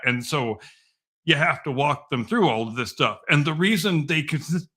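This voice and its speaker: A man's voice: a little high, sharp tone. A man hosting a podcast in casual chat, opinionated and blunt, swearing freely. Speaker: podcast host.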